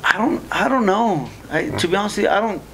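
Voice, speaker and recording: A man's voice: high-pitched, sing-song, brisk, creaky, noisy background. A man talking as a podcast guest in casual chat, easygoing and laughing often.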